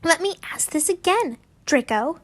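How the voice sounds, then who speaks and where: A woman voicing a pushy schoolgirl from a read-aloud fanfiction. She is smug and brash, speaking high and unhurried, sure she will get her way. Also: animated, a bit bright, full character voice. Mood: demanding.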